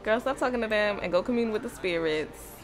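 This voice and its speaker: With a medium-pitched voice and lively intonation, a woman talks a little fast while hosting a life-simulation let's play. Her running commentary is casual, playful, and full of slang, and game music plays beneath it.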